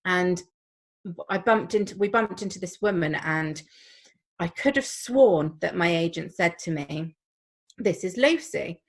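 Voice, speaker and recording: A woman, a crime writer on a panel, telling lively, embarrassing anecdotes and acting out the quotes over a video call. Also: fairly low pitch. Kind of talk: casual panel chat.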